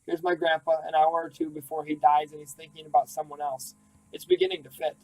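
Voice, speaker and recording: A man voicing a calm male lawyer who reads a will in a formal, measured way, in an audiobook. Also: a little high, natural voice, rough recording.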